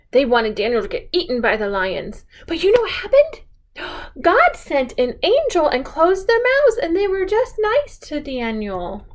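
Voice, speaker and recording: A woman telling picture-book stories to a young child in an animated, coaxing sing-song, often pausing to ask questions. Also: sits high. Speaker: children's storyteller.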